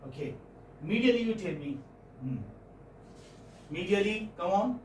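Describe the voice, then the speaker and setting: A man with an Indian English accent teaching phonetics in a classroom, questioning students and repeating sounds slowly. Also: high-pitched, lively intonation, darkish tone, a little hiss or hum. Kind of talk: classroom lecture. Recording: echoey classroom, far-off mic, faint ambience.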